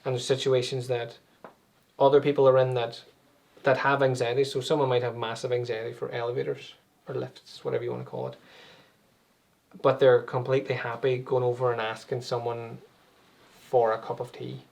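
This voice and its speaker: A man's voice: mid-range voice, level tone, brisk, gravelly, darkish tone. A man, an anxiety and meditation coach, explaining things conversationally with everyday examples as an interview guest.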